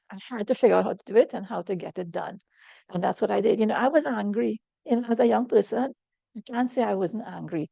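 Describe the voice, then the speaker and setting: A middle-aged woman talks through her story in a candid interview. Her voice has a gravelly edge and a mellow, warm colour. She speaks earnestly and reflectively, and the sound is dry and close. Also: mid-range voice, dry recording, muffled recording. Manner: earnest and reflective, speaks openly about hardship. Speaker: interview guest.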